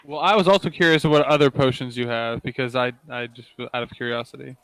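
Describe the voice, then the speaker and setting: A man's voice: medium pitch, fairly even intonation, a little fast, a bit bright, clean tone, dry recording, poor audio. A man playing his character in a tabletop game, easygoing and a little hesitant. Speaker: player. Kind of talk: casual tabletop role-play.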